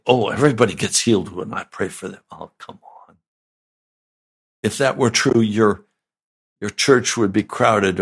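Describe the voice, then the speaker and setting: Slow gravelly older man preaching. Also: on the low side. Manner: slow, deliberate, conversational preaching. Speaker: pastor. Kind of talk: sermon.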